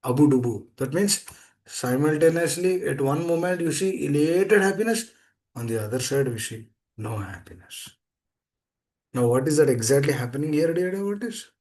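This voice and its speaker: Casting: man, a touch high-pitched, earnest preacher who repeats himself for emphasis. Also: expressive, normal speed, a little mellow. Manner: repetitive, emphatic, pleading "please understand". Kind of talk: scripture class. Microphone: video call.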